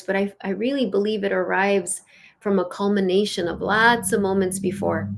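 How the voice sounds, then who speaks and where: A woman's voice: fairly low pitch, creaky. A woman hosting her own show, giving a casual spiritual teaching in an earnest, storytelling way with many "like"s and "you know"s. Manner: earnest, with soft laughs. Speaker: host and spiritual leadership teacher.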